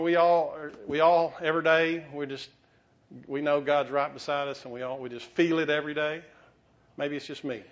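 Man pastor, slightly high voice, chatty sermon with restarts and teasing asides, muffled lo-fi recording. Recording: dull lo-fi recording.

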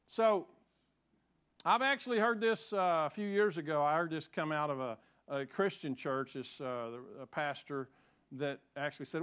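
A high-pitched man preaching a sermon. He hammers home key phrases, asks the congregation to say lines with him, and slips into casual asides with restarts along the way. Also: animated, moderate pace, fairly bright tone, smooth. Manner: frequent restarts and fillers, conversational asides. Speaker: pastor.

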